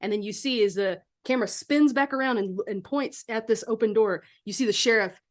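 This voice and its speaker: A woman's voice: a little high, fairly quick. A woman narrating a horror tabletop game as game master, setting scenes like a film in a casual way.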